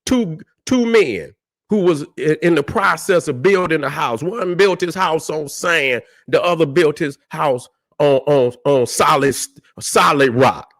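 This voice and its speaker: Man, fairly high voice, delivering a combative, profane livestream sermon with a dry close mic. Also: measured pace, a bit bright, dry recording. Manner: combative, repetitive "you see what I'm saying", profane. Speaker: livestream host. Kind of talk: preaching livestream monologue.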